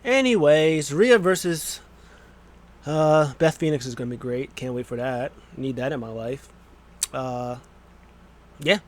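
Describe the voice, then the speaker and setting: A young man recapping wrestling in a casual, excitable, rambling vlog, with quick silly voices now and then. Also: mid-range voice. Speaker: wrestling vlogger.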